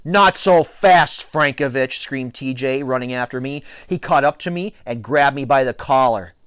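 A man reading a children's novel aloud with an expressive, playful storytelling delivery. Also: mid-range voice, moderate pace, smooth, no room sound, studio quality. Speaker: reader.

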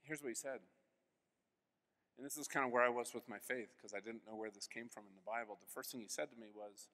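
A man in his fifties giving an earnest personal faith testimony as keynote speaker, telling his story with sudden swings between hushed and loud. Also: medium pitch, a little fast. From United States. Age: 50s. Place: large convention hall. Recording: long hall reverb.

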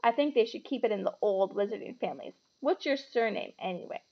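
A woman's voice: mid-range voice, animated, a little fast, gravelly, lo-fi sound. A woman voicing a snobbish pale boy who drawls and sneers, read aloud from a storybook. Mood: drawling.

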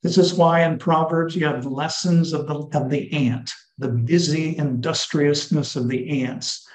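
A man giving an earnest, teacherly church talk to married couples, slowing down to stress key words. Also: a little high, fairly even intonation. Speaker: lecturer on marriage and scripture. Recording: echoey hall.

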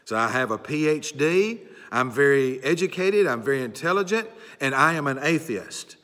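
A man's voice: medium pitch, lively intonation, normal speed, a bit bright, voice pushed up, lightly acted. A man voicing a condescending male atheist college professor who mocks and lectures his students. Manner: mocking, lecturing. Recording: long church hall reverb.

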